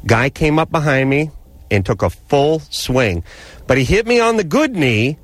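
A man's voice: a little high, a little slow, no echo. Radio guy rambling through a crazy story, dry studio sound. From Los Angeles area. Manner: animated, rambling, laughs while telling. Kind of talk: casual storytelling on a call-in radio show.

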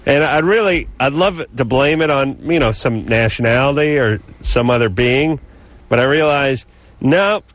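A man's voice: mid-range voice, moderate pace. A man in his thirties hosting a radio call-in show, joking in a sardonic, rambling way. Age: 30s. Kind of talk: comedic radio banter.

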